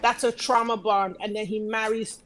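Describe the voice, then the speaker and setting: A woman's voice: medium pitch, little pitch movement, moderate pace, fairly bright tone, soft background music. A woman from Nigeria calling in to a talk show, explaining her point politely and carefully. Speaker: caller. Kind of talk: casual call-in chat.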